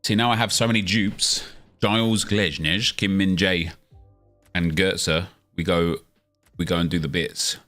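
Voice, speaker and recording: A man's voice: low voice, fairly even intonation, unhurried, a bit bright, faint music behind. A young man chatting casually on a live stream, answering viewer questions as he plays a football game.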